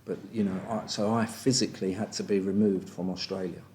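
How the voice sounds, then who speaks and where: English man, 50s, deep low voice, candid and blunt recovery-meeting share, faint background noise. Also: fairly even intonation, brisk, mellow. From England. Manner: frank and blunt, with frequent "do you know what I mean". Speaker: speaker sharing at a recovery meeting.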